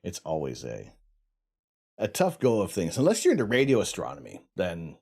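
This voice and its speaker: A man's voice: low-pitched, huge pitch swings, normal speed, creaky, darkish tone, breathy edge. A man hosting a casual astronomy livestream from home, joking and laughing as he chats with viewers. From Canada.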